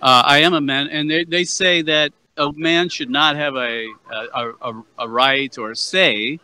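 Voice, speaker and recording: A man with a bright, somewhat high voice leads a street debate outdoors on a campus plaza. He asks persistent, probing questions and trips over repeated words as he pushes his point. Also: steady tone, unhurried, smooth, low-quality recording. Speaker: anti-abortion street activist interviewer.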